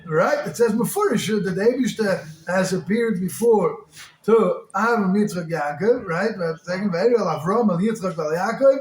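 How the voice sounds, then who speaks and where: A rabbi giving an animated sermon that rises to shouts. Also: male voice, high voice, moderate pace. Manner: animated, rising to shouts, heavy use of Hebrew and Yiddish terms. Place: synagogue hall. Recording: echoey hall.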